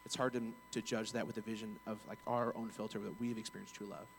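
A man's voice: lowish voice, little pitch movement, fast, gravelly, slight background noise, rough recording. A man who works in bank customer service, telling a personal story in a casual, earnest, rambling way with many restarts.

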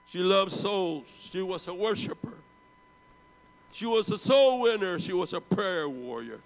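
Here a seventy-something preacher delivers a storytelling sermon in a gravelly voice. He alternates loud bursts with soft, low passages while a lingering hall echo trails each phrase.

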